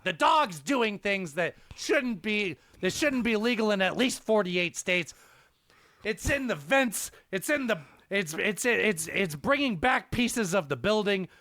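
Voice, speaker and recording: A man putting on a raspy, gravelly comedian voice to tell a long, filthy joke with dramatic, halting repetitions. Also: high voice, pushed and bright, no echo, studio quality, voice pushed up, full character voice. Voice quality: gravelly at times. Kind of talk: impression while telling a joke.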